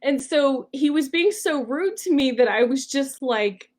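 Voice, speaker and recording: A woman's voice: high-pitched, lively intonation, unhurried. A young adult woman coach teaching a workshop lesson in a casual, chatty storytelling way, full of "like" and "um". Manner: chatty, frequent "like" and "um". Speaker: personality coach leading a workshop.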